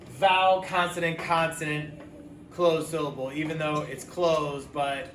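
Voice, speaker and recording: A man's voice: fairly high pitch, fairly bright tone. A man teaching a phonics lesson, patiently sounding out letters for children. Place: classroom. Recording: echoey room, mic far off, background noise.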